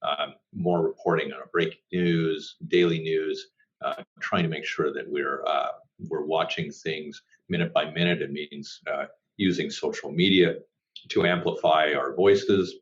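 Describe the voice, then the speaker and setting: A middle-aged man from Canada, a journalist being interviewed, answering in a measured, thoughtful way with frequent "uh" pauses. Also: rumbling low, fairly even intonation. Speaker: journalist and publisher, guest. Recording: dull lo-fi audio.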